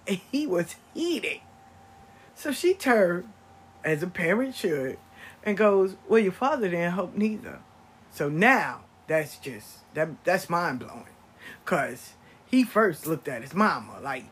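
An older grandparent telling a family story to viewers in an animated, conversational vlog monologue. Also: mid-range voice, slow, slightly rough. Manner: animated, acts out family members' voices. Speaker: vlogger.

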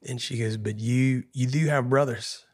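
Man, guest musician, heartfelt storytelling, earnest and emotional, mid-pitched voice. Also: fairly even intonation, normal speed, darkish tone, husky. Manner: earnest, emotional, repeats phrases and says "man" often.

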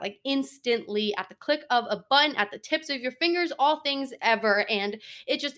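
A young woman in her twenties hosts a solo podcast and speaks earnestly in a loose, chatty manner. Her pitch sits at a middle level for a woman, and her talk is full of fillers as she works her thoughts out aloud. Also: fairly bright tone. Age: 20s. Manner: earnest, chatty, heavy on fillers like "like" and "you know". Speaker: podcast host. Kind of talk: casual solo podcast monologue.

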